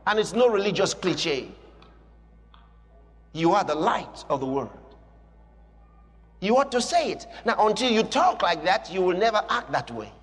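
High-pitched man preaching boldly in a hall. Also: very animated, a little slow, long pauses, a bit bright. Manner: emphatic, repetitive, declarative preaching. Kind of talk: sermon.

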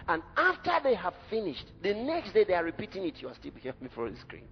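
A man preaching a sermon in an emphatic, dramatic way, rising at times to a shout. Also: high voice, huge pitch swings, fast, gravelly, a little hiss or hum. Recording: dull lo-fi recording in a reverberant hall with faint music.

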